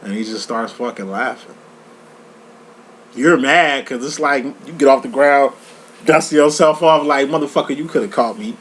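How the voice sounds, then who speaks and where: A man giving a casual tarot reading, talking in a profane, slang-heavy, animated storytelling way. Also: mid-range voice, unhurried, pauses often, a little hiss or hum. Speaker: tarot reader. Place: lives in Chicago.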